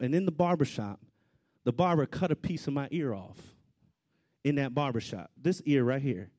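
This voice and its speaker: A man delivers a storytelling sermon as a preacher. His voice sits somewhat high and leaps around in pitch. He moves from loud outbursts to quiet, hushed asides.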